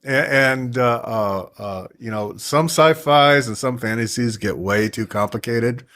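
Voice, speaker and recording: A man co-hosting a podcast, speaking hesitantly with halting restarts that trail off. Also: mid-range voice, a bit bright. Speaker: podcast co-host. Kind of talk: casual podcast chat.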